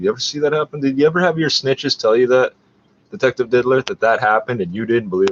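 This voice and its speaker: A man's voice: medium pitch, quick pace, muffled recording, slight background noise. A man ranting in a profane, agitated, rambling way while scrolling through a screen share.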